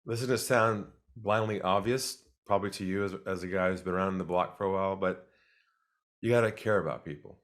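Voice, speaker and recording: A man being interviewed as a sales expert, speaking calmly and deliberately and acting out the people he quotes. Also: deep voice.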